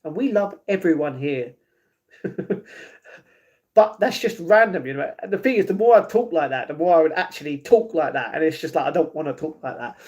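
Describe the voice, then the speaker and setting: A man's voice: a little high, fairly quick, a little mellow. A British man streaming live, rambling casually and answering messages from his chat.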